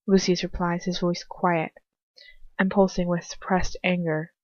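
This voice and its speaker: A woman's voice: lowish voice, little pitch movement, measured pace, a little mellow, no room sound, muffled recording. Giggly rambling teenage girl reader. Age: teens. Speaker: audiobook reader. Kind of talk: casual chat and reading aloud.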